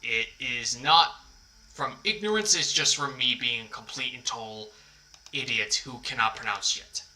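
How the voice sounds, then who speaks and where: A man's voice: medium pitch, unhurried, poor audio. A man casually chatting on a livestream as its host, rambling and apologetic, often poking fun at himself. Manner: rambling, apologetic, self-deprecating. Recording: background music under the voice. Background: quiet background music.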